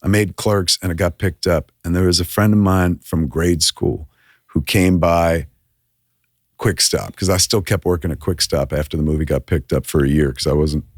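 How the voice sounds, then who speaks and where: A filmmaker in casual podcast chat, an animated storyteller who swears often and acts out quotes. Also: male voice, deep voice, normal speed, breathy edge, dry recording, clean studio sound. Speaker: filmmaker guest.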